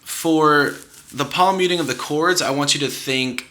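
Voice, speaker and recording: A man's voice: medium pitch, animated, moderate pace. Young man teaching guitar, counting beats. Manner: patient, encouraging, counts beats aloud. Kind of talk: guitar tutorial. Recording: guitar playing under the voice. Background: guitar playing.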